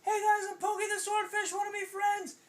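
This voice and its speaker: A man voicing a friendly, eager young male swordfish in a bedtime story, talking loud and overexcited. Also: extremely high pitch, flat delivery, brisk, roomy sound, pitched above the performer's own voice. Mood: excited shout.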